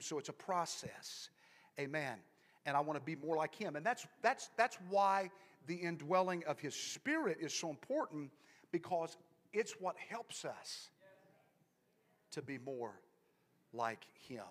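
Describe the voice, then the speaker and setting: A man preaching a sermon in church, repeating himself as he builds from soft talk to loud, fervent preaching and back down. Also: fairly high pitch, animated, measured pace. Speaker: pastor. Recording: long hall reverb.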